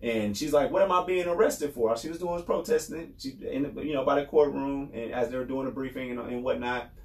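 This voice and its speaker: A man's voice: medium pitch, steady tone, fairly quick, a little mellow. A man from New York State hosting a podcast, giving an impassioned, repetitive monologue and often raising his voice. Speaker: podcast host. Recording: roomy echo.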